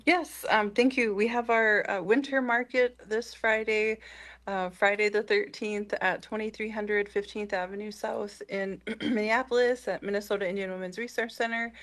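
A woman guest on a radio show, giving community event updates in a halting way with many fillers. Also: mid-range voice, fairly even intonation, fairly bright tone. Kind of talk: casual radio announcement.

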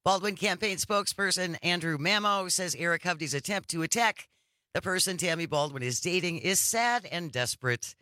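A man co-hosting a talk radio show, reading news items and listener texts and chiming in with lively agreement. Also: fairly high pitch, no room sound, studio quality.

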